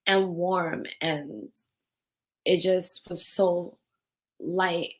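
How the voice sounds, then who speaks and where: A woman's voice: lowish voice, steady tone, very slow. A young adult woman talking candidly and tearfully in a personal vlog, swearing now and then. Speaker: vlogger.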